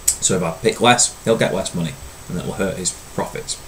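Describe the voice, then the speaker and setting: A lower-pitched man explains a history topic like a teacher talking to his own class. He is relaxed and conversational and fills his pauses with ums and uhs. A faint hiss sits under the recording. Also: rough recording.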